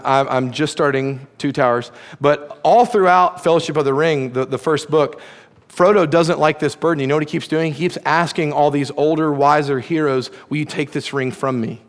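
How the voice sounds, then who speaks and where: A man preaching a sermon as pastor, animated and playfully sarcastic as he retells a story. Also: on the high side, long reverb tail. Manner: animated, playful sarcasm when quoting God.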